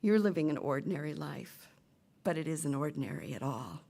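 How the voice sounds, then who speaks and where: A middle-aged woman minister preaching a sermon, retelling a play and voicing its characters with lively shifts. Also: deep voice, fairly quick, creaky. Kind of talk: sermon with storytelling.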